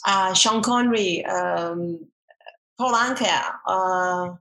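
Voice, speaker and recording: A middle-aged woman, a former dancer and army veteran, chatting as an interview guest with many restarts and animated storytelling. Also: on the low side, slow pace, reverberant, rough recording. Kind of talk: casual interview chat.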